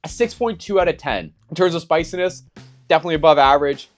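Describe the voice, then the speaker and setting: A man's voice: fairly high pitch, fast talker, soft background music. A young man in casual vlog talk, chatty and rambling, restarting his sentences when he gets flustered. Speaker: YouTuber.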